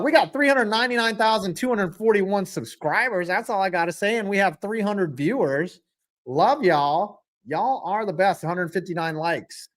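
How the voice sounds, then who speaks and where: A man hosting a live stream, reacting to a football game, calling plays and reading viewer chat aloud in a joking, excitable way. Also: on the high side, a little slow.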